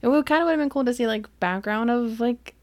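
A woman's voice: a little high, fast talker, darkish tone, no room sound. A young woman co-hosting a podcast in casual chat, laid-back and blunt, with casual swearing. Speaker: podcast co-host.

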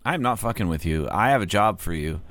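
A man hosting a prank phone call, staying calm and deadpan with mock earnest questions. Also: on the low side, fairly quick. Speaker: prank caller host.

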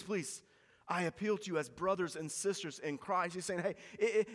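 A man's voice: a little high, long reverb tail. A man preaching a sermon as pastor, earnest and pleading, often repeating words for emphasis.

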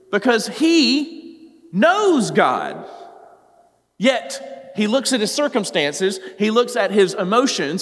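A man preaching a sermon as a pastor, earnest and talking straight to his listeners, rising at times to pleading cries. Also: high-pitched. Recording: long hall reverb.

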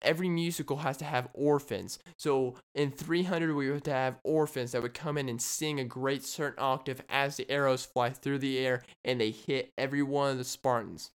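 Rambling jokey man with a smooth voice. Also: mid-range voice, fairly even intonation, moderate pace, hardly any pauses. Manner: rambling, jokey, riffs on silly ideas. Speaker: podcast host. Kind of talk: solo comedic podcast monologue.

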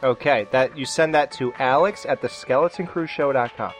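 A man's voice: mid-range voice, normal speed, faint music behind. A man co-hosting a podcast, dropping dry wisecracks.

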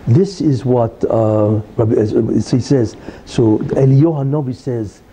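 A man's voice: medium pitch, expressive, unhurried, hardly any pauses, mellow, slight background noise. A man giving a Torah lesson in a conversational way, asking rhetorical questions and explaining terms. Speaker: religious teacher.

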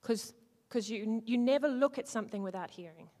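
A woman leading an interactive teaching talk to a church group, playful, swinging between loud and hushed and acting out lines. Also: on the high side, a little fast. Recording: long hall reverb.

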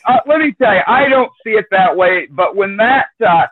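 A man's voice: high voice, expressive, fairly quick, narrow, tinny audio, a crowd in the background. A man chatting casually as a guest, drawling and hesitant with frequent fillers. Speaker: guest, chinchilla breeder. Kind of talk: casual chat.

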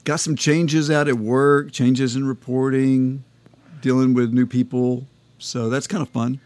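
Slow-talking man, dry close sound. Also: medium pitch, dry recording. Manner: relaxed, measured, short replies. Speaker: podcast co-host. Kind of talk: casual chat.

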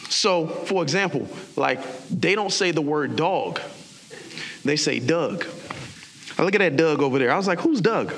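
A young male pastor from South Florida, preaching an animated sermon and putting on voices for the characters he describes. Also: on the high side, normal speed, a little hiss or hum.

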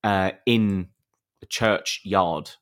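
British man, low voice, podcast co-host, casual banter, sweary, laughs a lot. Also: drawn-out words. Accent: British English. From Britain. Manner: jokey, sweary, laughs often.

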